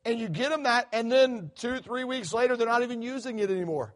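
Middle-aged male guest preacher, high-pitched, animated, repeats himself mid-sentence. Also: a little fast. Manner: animated, acts out quoted voices, many restarts. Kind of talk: sermon. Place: church sanctuary.

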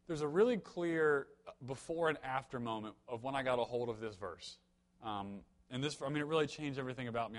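A young man preaching a sermon in a conversational, storytelling way, with humorous asides and emphatic peaks. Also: medium pitch. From United States.

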